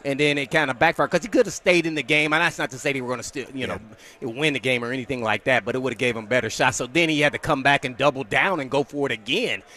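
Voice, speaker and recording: A man's voice: medium pitch, fast, few pauses, bright, forceful tone. A man co-hosting a sports radio show in casual chat, rambling and repeating his words.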